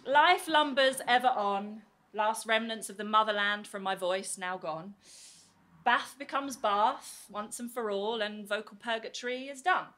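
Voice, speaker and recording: A woman from northeast England with a soft southern English accent, performing spoken word poetry with rhythmic, rhyming delivery and dramatic pauses. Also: medium pitch. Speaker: poet and teacher.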